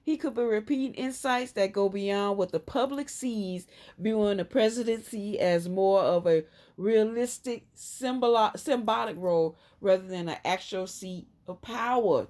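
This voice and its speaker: A woman with a Southern US accent giving a casual tarot reading, talking in an emphatic, rambling way that jumps up high and loud when she makes a point. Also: normal speed. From Southern United States. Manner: emphatic, rambling, frequent sudden jumps up in pitch and loudness. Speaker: tarot reader.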